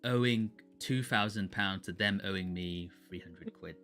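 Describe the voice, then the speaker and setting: A man's voice: low-pitched, unhurried, sharp tone. A man who streams his art, rambling through a story in casual chat with many fillers and restarts. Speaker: streaming artist. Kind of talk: casual chat while drawing. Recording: faint music behind.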